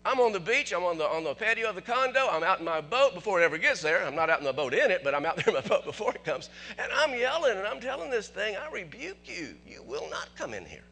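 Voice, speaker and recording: Pastor guy preaching, high bright voice swinging all over, lots of questions to the crowd, faint music behind. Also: fast, few pauses, a little hiss or hum. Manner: animated preaching, asks the congregation questions, chuckles often. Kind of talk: sermon.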